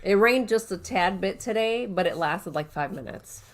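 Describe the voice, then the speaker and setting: A woman's voice: medium pitch, lively intonation, normal speed. A woman co-hosting a casual chat, adding short supportive remarks to the story. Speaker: co-host.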